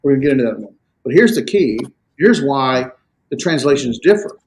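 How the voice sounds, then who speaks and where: Man lecturing with halting fillers. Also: mid-range voice, animated. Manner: explanatory, halting with fillers and restarts. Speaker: Greek instructor. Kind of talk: classroom lecture. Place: classroom.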